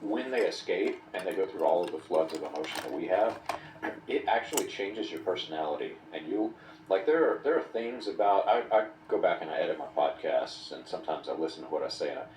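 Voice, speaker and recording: A man's voice: sits low, animated, fairly quick, darkish tone, echoey room, distant mic, a little hiss or hum, poor audio. A man hosting a podcast in casual conversation, speaking in a reflective, candid way. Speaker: podcast host.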